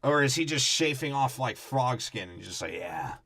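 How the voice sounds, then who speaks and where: A man's voice: medium pitch, expressive, moderate pace, pushed and bright, no echo. A young man co-hosting a comedy podcast, riffing crudely on a movie with lots of swearing and mock voices. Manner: profane, jokey, jumps into mock character voices. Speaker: podcast co-host. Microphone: podcast microphone.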